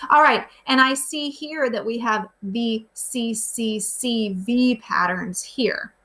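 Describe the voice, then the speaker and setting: This teacher's voice is a little high, slow, and bright, with a forceful tone. In a recorded remote lesson, she takes her grade-school pupils through the day's work, patiently asking them simple questions.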